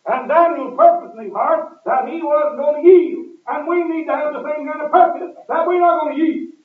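A man preaching a sermon in a church, pressing his points with sudden loud emphasis and swinging his voice up and down. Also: very high voice. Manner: emphatic, rising and falling with sudden loud stresses. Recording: echoey, distant, tinny lo-fi recording.

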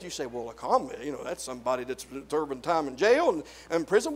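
A man preaching a sermon, drawing out single words and swinging from loud, stressed peaks down to low, quiet asides. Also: huge pitch swings, brisk, breathy edge. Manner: rising to loud emphatic peaks, then dropping low.

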